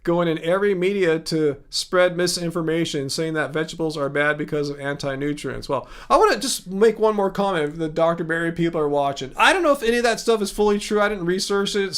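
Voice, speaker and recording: Male livestream host, high voice, loose rambling chat with fillers and restarts. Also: fairly bright tone, clear, resonant tone. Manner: rambling, chatty, frequent fillers and self-corrections. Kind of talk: casual livestream chat reading viewer comments.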